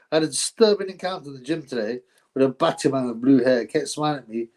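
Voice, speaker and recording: A man's voice: mid-range voice, fast talker, darkish tone, rough recording. A man hosting a live boxing stream, chatting casually, rambling, laughing often and thanking his viewers.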